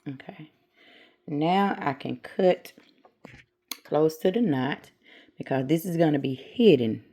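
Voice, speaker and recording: A middle-aged woman with a low voice narrates a homemade craft tutorial in a relaxed, chatty way. She talks herself through each step at an easy, unhurried pace. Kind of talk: casual how-to narration.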